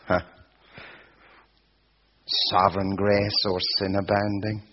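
Slow, husky-voiced male preacher. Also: on the low side, completely flat delivery. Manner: slow, emphatic preaching with swelling repeated phrases. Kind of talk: sermon. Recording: dull lo-fi sound.

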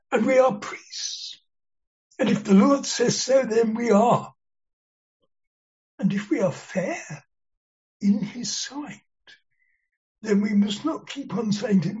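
Slow, earnest preacher on a dull recording. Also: mid-range voice, a little mellow. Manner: slow, deliberate and earnest, stressing key words. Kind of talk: expository sermon.

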